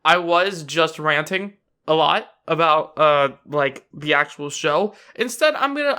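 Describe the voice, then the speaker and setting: A man's voice: a little high, lively intonation, unhurried, hardly any pauses, sharp tone, clean tone. A man on his own channel giving casual wrestling predictions, rambling and sarcastic with frequent restarts. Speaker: YouTube wrestling commentator.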